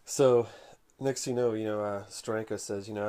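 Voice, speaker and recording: A man vlogging about comic collecting, telling a rambling story in an unhurried, conversational way. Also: fairly low pitch, little pitch movement, dark tone. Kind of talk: casual rambling anecdote.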